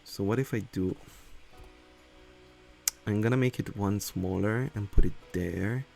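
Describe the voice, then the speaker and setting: A man's voice: lowish voice, unhurried, creaky, darkish tone, soft background music. A man who is not a native English speaker chats casually as a streamer while building in a game, laughing often and reading chat aloud.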